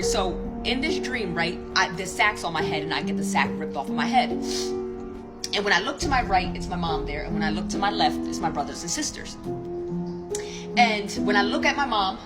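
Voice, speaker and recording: A woman's voice: fairly low pitch, lively intonation, normal speed, over loud music. A woman telling an earnest, rambling story-time tale in casual chat, swearing freely. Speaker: social media storyteller.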